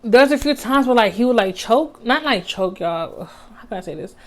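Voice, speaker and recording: A woman's voice: fairly high pitch, animated, normal speed. Chatty young woman vlogger. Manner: chatty, heavy use of "like" and slang, addresses viewers as y'all. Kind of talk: casual storytime monologue.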